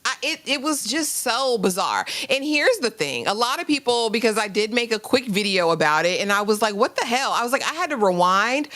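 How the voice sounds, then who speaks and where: A woman hosting a live review stream, talking casually to her viewers in an expressive, slangy way. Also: fairly high pitch, fairly quick, few pauses. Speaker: host of a live reality show review stream.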